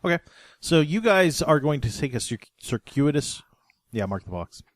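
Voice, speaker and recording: A man's voice: fairly high pitch, very animated, no echo. A man running a tabletop game as game master, talking casually and hesitantly, with many fillers and restarts. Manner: halting, full of fillers and restarts.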